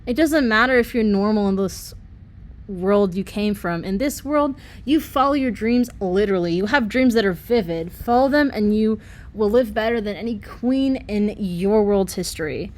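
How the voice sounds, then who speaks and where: A woman's voice: medium pitch, expressive, moderate pace, lightly acted. A woman voicing an upbeat, boastful eighteen-ish girl with wind magic, reading an amateur audiobook.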